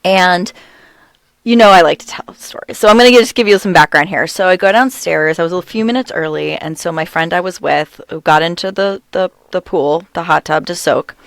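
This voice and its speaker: A woman's voice: on the low side, brisk, fairly bright tone, no echo. Giggly storytelling woman, dry close sound. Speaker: podcast co-host. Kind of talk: casual chat.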